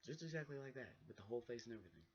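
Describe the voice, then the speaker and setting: A young man vlogging casually, telling a personal story in an animated way and acting out what people said. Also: mid-range voice, racing, slightly rough. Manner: animated, acts out the dialogue of people in his stories. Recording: dull lo-fi recording.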